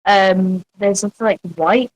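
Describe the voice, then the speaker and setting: A woman's voice: mid-range voice, measured pace, rough recording. A woman, chatting and teasing emphatically as a podcast co-host. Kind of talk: casual chat.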